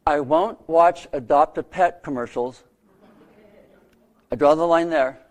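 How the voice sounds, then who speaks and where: Earnest man preaching a sermon. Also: a little high. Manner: earnest storytelling with dramatic pauses. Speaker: pastor.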